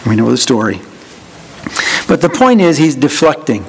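A man's voice: medium pitch, big pitch swings, normal speed, gravelly, long pauses, slightly rough, poor audio. A man preaching a sermon, with dry humor, who acts out the voices of people he quotes. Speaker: pastor.

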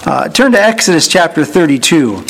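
A man with a high, light voice preaching a sermon. He talks through his points with dry humor and slips into playful voices for the people he quotes. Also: big pitch swings, moderate pace, fairly bright tone, slight background noise, low-quality recording. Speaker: pastor.

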